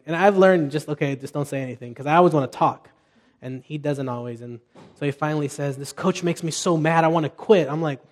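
A man's voice: fairly high pitch, darkish tone. A middle-aged man delivers a sermon as pastor in a slightly raised voice. He talks casually and tells stories, often restarting sentences and adding asides to the congregation. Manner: conversational, storytelling, with restarts and asides.

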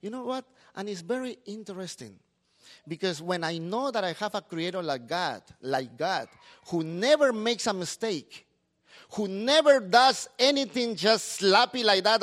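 A middle-aged man, a pastor preaching a sermon in a lively, talkative way. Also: sits high, moderate pace.

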